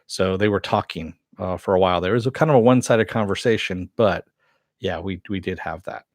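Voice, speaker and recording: Low-voiced man casually recapping a show. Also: fairly quick, no room sound, clean studio sound. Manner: rambling with many fillers and quoted lines. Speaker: TV episode reviewer.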